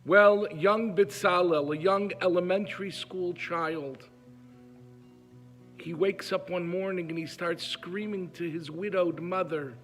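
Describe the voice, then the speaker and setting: A man's voice: fairly high pitch, a bit bright. A man telling a moving story in an emotive way. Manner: emotive, acts out pleas in a raised voice. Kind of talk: heartfelt storytelling.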